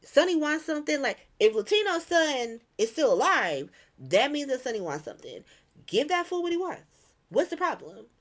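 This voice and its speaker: A woman's voice: high voice, very animated, moderate pace, pitched above the performer's own voice. Woman playing exasperated young man, cursing, frantic. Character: frantic, furious young man confronting a rival.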